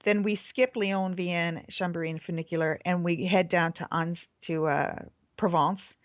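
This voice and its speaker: A woman's voice: fairly low pitch, fairly even intonation, normal speed, dry recording, dull audio. A woman who runs a tour company, chatting casually as a guest and listing items with many fillers. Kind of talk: casual chat.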